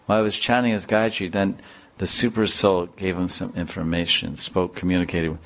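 A man's voice: sits low, a little fast, fairly bright tone. A man telling a devotional story in a rambling way, restarting and repeating phrases.

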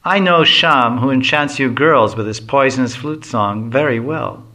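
A man's voice: medium pitch, expressive, unhurried, sharp tone. A man voicing a boastful, hungry young male Brahmin jester who whines and pleads indignantly.

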